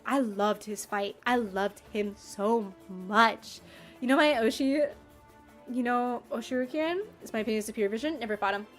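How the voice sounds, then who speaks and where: A playful, animated woman chats casually with her stream viewers, her voice pitched on the high side. She answers chat with mock outrage and quick bursts of laughter.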